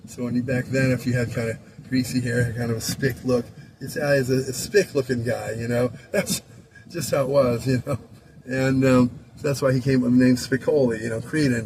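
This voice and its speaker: A man in his sixties from Southern California tells a loose, rambling story about his school days, chuckling often. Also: mid-range voice. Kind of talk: casual rambling anecdote. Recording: clear traffic noise behind.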